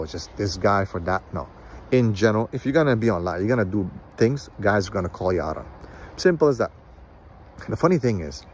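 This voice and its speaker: Blunt lecturing man, low voice. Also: slight background noise. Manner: blunt, lecturing, mocking quotes in a higher voice. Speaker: Islamic counselor and commentator. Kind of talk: opinionated monologue.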